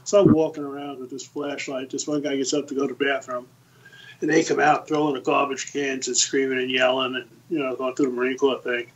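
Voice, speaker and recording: A man in his sixties, a podcast guest, telling lively anecdotes in a casual storytelling style. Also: medium pitch, fairly quick, dull audio, slight background noise. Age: 60s. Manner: lively anecdotes, acts out the quoted voices.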